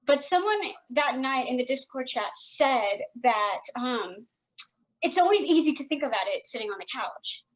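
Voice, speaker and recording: Woman, high voice, tearful, earnest and emotional, casual podcast chat. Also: animated, normal speed, poor audio. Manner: earnest, emotional, talks through tears. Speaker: podcast co-host.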